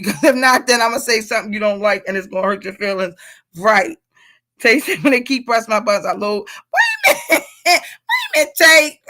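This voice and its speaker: A middle-aged woman leading a casual leadership workshop, reading out comments and laughing with the group. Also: medium pitch. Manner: animated, laughing, talks to the group as y'all.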